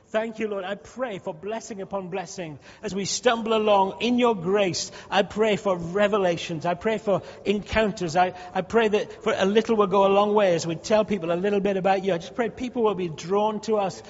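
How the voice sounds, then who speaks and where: High-voiced pastor praying fervently in a hall. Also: male voice, fairly even intonation, a little fast, few pauses. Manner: fervent, repetitive, rising pleas. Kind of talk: leading congregational prayer. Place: church hall. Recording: dull sound with long hall reverb.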